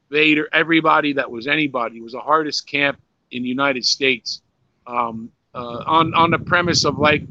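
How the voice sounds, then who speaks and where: An older man who used to wrestle professionally rambles through profane stories in a relaxed interview, restarting often and dropping plenty of "you know"s. His mid-range voice is pushed and bright. The recording is dry and lo-fi, a bit dull, with no room sound.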